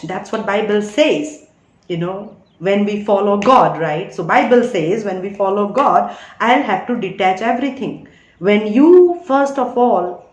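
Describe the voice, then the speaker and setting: A woman's voice: mid-range voice, echoey room, rough recording. A woman giving an earnest spiritual teaching talk as a reader, often asking listeners whether they follow her.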